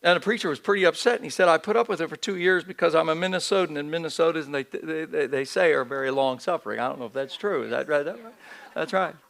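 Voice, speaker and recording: A man's voice: on the high side, quick pace, gravelly, a bit bright. A man pastor preaching a sermon in a church, earnest, with repeated phrases and restarts. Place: church sanctuary.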